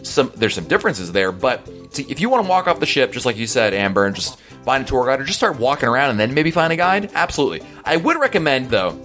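A man's voice: mid-range voice, very animated, fast talker, few pauses, a bit bright, soft background music. A man hosting a podcast in a casual, chatty, rambling way as he answers listener emails. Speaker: podcast host.

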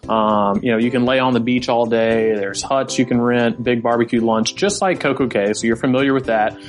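A man's voice: medium pitch, fairly even intonation, normal speed, faint music behind. A man with a Tennessee accent, co-hosting a casual podcast in an easygoing, friendly way. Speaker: podcast co-host.

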